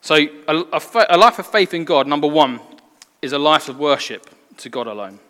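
In a church hall with long, echoing reverb, a man preaches a sermon. His voice is a little high, animated, brisk and somewhat bright, and his earnest, conversational delivery draws the congregation in.

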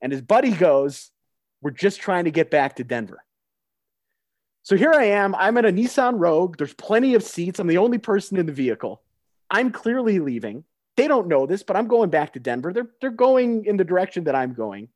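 A man's voice: high-pitched, very animated, fairly quick, a little mellow, dry recording. A man hosting a talk show, telling a story to his co-hosts and putting questions to them. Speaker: radio show host. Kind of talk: casual storytelling chat.

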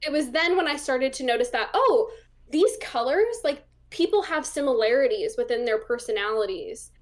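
A woman's voice: high voice, animated, moderate pace. A young woman talking as an interview guest, chatty and casual, with lots of fillers as she acts out the voices in her stories. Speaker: interview guest, psychic medium.

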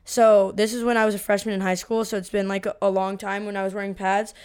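A woman in her twenties co-hosts a podcast, telling a story in a casual, animated way while swearing freely and acting out the quotes. Her voice is medium-pitched, quick, and clean in tone.

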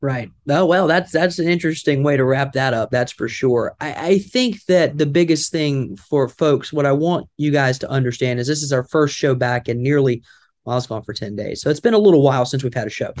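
A man's voice: medium pitch, a little fast, a little mellow, dry recording. Folksy Southern man hosting talk radio. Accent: Southern American. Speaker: radio show host. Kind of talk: talk radio chat and event promo.

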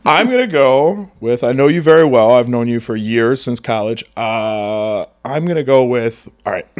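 A man's voice: mid-range voice, lively intonation, takes it slowly, darkish tone. A man co-hosting a comedy history podcast, joking and self-mocking. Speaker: podcast co-host. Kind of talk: casual comedic chat.

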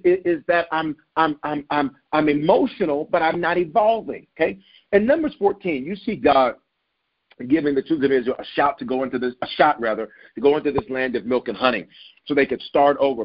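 A man's voice: a little high, husky, dull audio. A man preaching a sermon as pastor, emphatic, repeating his key lines and calling on the listeners to hear him.

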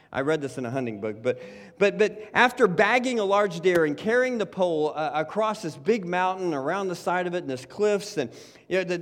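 Pastor, man, high voice; casual sermon full of "you know", big reverberant church. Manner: conversational, repeats words, says "you know" and "right" often. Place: church sanctuary.

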